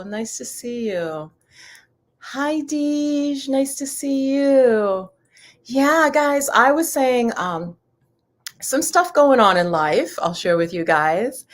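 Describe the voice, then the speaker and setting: A woman hosting a casual livestream from her floor at home, chatting and rambling as she greets viewers before card readings. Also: medium pitch. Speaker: livestream host, angel card reader. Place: home room, sitting on the floor.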